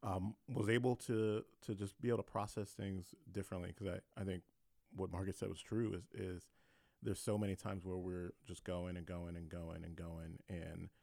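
A man co-hosting a podcast in casual conversation, halting and often repeating words. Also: deep voice, little pitch movement, gravelly, dark tone, no room sound, clean studio sound.

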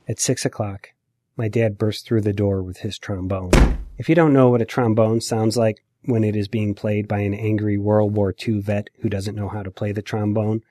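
A man hosting his own podcast, telling a personal memoir story in a quiet, measured, emotional way. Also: lowish voice, a little hiss or hum.

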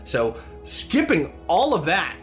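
An American man hosting a podcast, bantering and joking in quick, lively casual chat. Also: on the high side, faint music behind. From United States. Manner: jokey, animated, quick banter. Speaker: podcast host.

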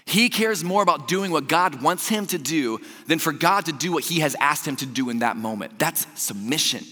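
A young man preaching a sermon, telling stories with animated energy, then dropping to a soft, slow hush for scripture. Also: on the high side. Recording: long hall reverb.

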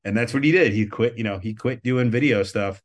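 A man's voice: mid-range voice, fairly quick. A man talking as a podcast guest, telling stories in a rambling, easygoing way and swearing often. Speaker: guest, record label owner. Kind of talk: casual interview storytelling.

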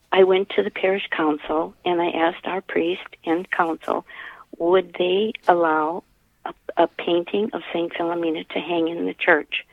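An older woman telling a personal story in an earnest, halting way, often restarting her sentences. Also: lowish voice, vocal fry, dry recording. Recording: tinny phone line.

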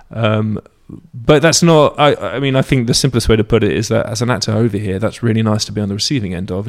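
A British man with a British English accent, an actor chatting as an interview guest, rambling and correcting himself as he tells stories. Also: on the low side. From Britain. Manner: rambling, self-correcting storyteller. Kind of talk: casual interview chat.

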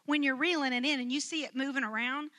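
A woman telling a funny personal story to an audience, animated and laughing as she acts out what everyone said. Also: fast, heavy background noise. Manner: animated, acts out quotes with big jumps in pitch; laughs through her own story. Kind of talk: storytelling talk to a live audience.

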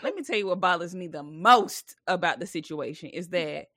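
A woman's voice: lowish voice, expressive, normal speed, a bit bright, no echo, studio quality. A young woman co-hosting a comedy podcast in casual chat, joking and mimicking older relatives. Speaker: podcast co-host.

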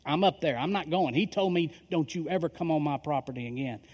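A man's voice: fairly high pitch, fairly quick, darkish tone. A middle-aged male pastor telling a story in a sermon, acting out the dialogue of the people in it. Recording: long reverb of a large hall.

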